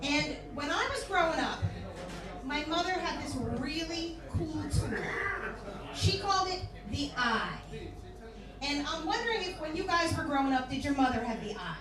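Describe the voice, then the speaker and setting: A woman's voice: high voice, expressive, moderate pace, music in the background. A woman in her fifties from Philadelphia doing a brash, salty stand-up set in a bar. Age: 50s. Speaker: stand-up comedian. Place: bar with live audience. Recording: echoey room from far off, crowd.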